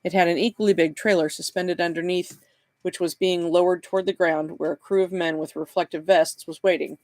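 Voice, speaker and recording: A man, the author, reading his novel aloud in a live session with steady, plain narration. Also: high-pitched, a little fast, no echo.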